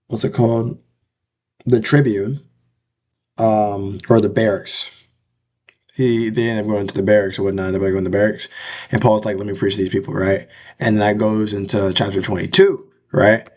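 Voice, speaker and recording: A man's voice: on the low side, a little mellow. A young man casually retelling a Bible passage in a loose, slangy way, full of fillers and tag questions, acting out the people in it. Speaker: bible reading vlogger.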